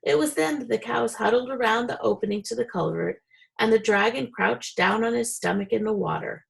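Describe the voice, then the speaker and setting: Gravelly woman reading a storybook. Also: a little high, a little fast, low-quality recording. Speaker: reader.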